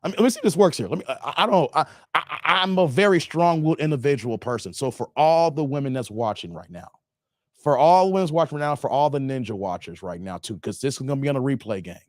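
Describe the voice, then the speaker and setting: A man's voice: medium pitch, lively intonation, fast, dry recording, studio quality. A man hosting a casual livestream, thanking donors and reading chat, playful and laughing often.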